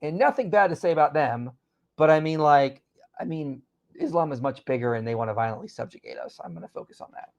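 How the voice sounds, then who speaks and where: A man hosts a relaxed live stream and reads viewer comments aloud as they come in. He answers each one quickly, in a voice set a little high for a man. The talk is loose and chatty. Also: muffled recording. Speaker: host. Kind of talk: casual livestream chat.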